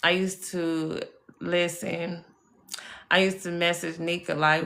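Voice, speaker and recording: A woman's voice: on the low side, little pitch movement, slow pace, creaky, sharp tone. A woman telling personal stories on a live stream, chatty and emphatic, swearing freely and calling her viewers y'all and baby. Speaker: live-stream spiritual reader. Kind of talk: casual live-stream storytelling.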